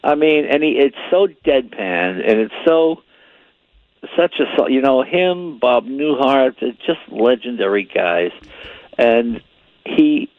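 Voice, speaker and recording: An older man telling stories in a casual chat. He rambles and repeats words, and grows animated as the story builds. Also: mid-range voice, no room sound, phone-quality sound.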